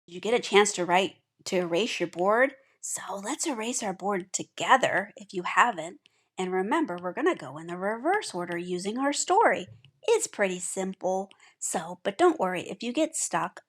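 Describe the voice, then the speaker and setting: A woman teaching a children's alphabet lesson, gently encouraging and sounding out each letter slowly. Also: mid-range voice, sing-song.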